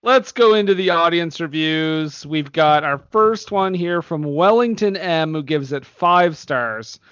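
A man's voice: a little high, a little slow, a bit bright, clean tone, no echo, highs cut off. A man hosting a casual movie podcast, laughing often as he reads reviews aloud. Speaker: podcast host.

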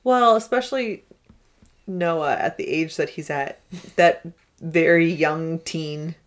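Lower-voiced woman in relaxed chat. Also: slow. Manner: relaxed, supportive, many affirming backchannels. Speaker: podcast co-host. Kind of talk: casual chat.

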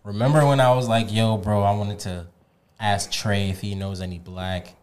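A man's voice: on the low side, steady tone, normal speed, darkish tone. A young man co-hosting a casual group podcast, blunt, provocative and insistent. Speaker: podcast co-host.

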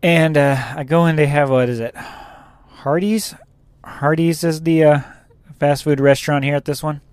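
A man's voice: a little high, fairly even intonation, a little slow, darkish tone, clear, resonant tone, no room sound. Rambling trucker man, dry close sound. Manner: rambling, laughs at own story. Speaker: truck driver. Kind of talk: casual chat.

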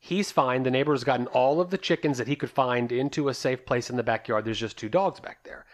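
A man co-hosting a podcast who recounts events step by step in casual, matter-of-fact chat. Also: medium pitch. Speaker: podcast co-host.

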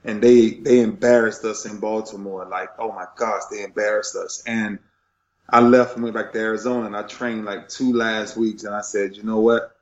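A man's voice: on the low side, flat delivery, moderate pace. Middle-aged guy getting emotional telling his story, keeps repeating himself, echoey and kinda muffled. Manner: passionate, repeats himself, swings loud and soft. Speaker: retired football player telling his story.

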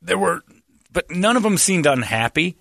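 Male host, animated delivery, bright voice, wide pitch swings, dry close studio sound. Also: moderate pace, gravelly, no room sound. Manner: animated storyteller, jumpy pitch, mock voices. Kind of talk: casual studio banter.

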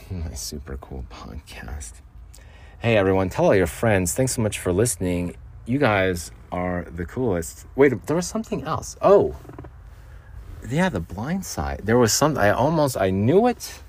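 This older podcast host speaks unhurriedly in a lowish, sing-song voice that's darkish with a breathy edge. Working from a makeshift booth, he rambles casually from one topic to the next, often chuckling.

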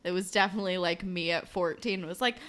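A woman's voice: fairly low pitch, fast talker, fairly bright tone. A young woman co-hosting a podcast, chatting casually with lots of fillers and laughter as she recaps a show. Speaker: podcast co-host.

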